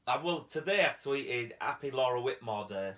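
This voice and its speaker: Cheeky bright-voiced man. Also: mid-range voice, animated, moderate pace. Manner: cheeky, jokey, breaks into squealing impressions. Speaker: comedian host. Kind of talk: comic chat in bed.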